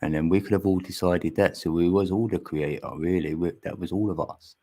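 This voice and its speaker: Male streamer, deep husky voice, casual rambling chat, close mic on an arm. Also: fairly even intonation, brisk, dark tone. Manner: chatty, laughs often, rambling musings. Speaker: livestream host. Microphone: mic on an arm extension.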